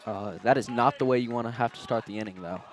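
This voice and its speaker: A young man giving color commentary on a high school baseball game outdoors, steady and analytical. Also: fast.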